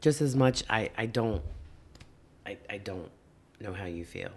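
A man with a low, gravelly voice and a lot of fry. He speaks earnestly and haltingly, starting over mid-sentence as he chats in a podcast conversation. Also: lively intonation. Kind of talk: casual conversation.

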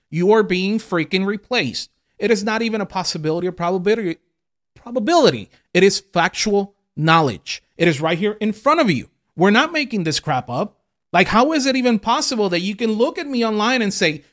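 A man's voice: high-pitched, a bit bright. A man co-hosting a political commentary podcast who rants heatedly and swears a lot. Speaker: co-host.

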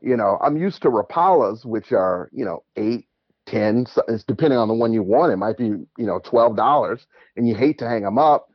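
A husky, mid-range male voice, recorded without echo and missing its highs. He's calling in to a show, telling relaxed stories with lots of energy, chatter and easy laughter.

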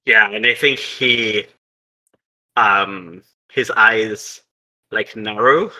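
A man narrating a tabletop game as game master, casual and chatty, with many fillers and quick asides. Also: lowish voice, bright, forceful tone, poor audio.

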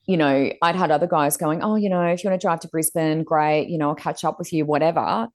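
An Australian woman co-hosting a casual chat, telling stories animatedly and mimicking others with big pitch jumps. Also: steady tone, fast. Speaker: co-host.

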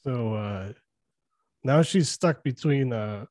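A man's voice: medium pitch, slow, darkish tone, dry recording. A man co-hosting a podcast, breaking down a movie in loose, profane chat and laughing often. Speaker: podcast co-host.

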